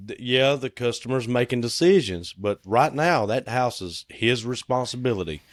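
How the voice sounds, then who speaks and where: A man's voice: mid-range voice, expressive, moderate pace, dry recording. A middle-aged man, chatting casually on a podcast in a laid-back, folksy way. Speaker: podcast co-host; cabinet maker. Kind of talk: casual chat.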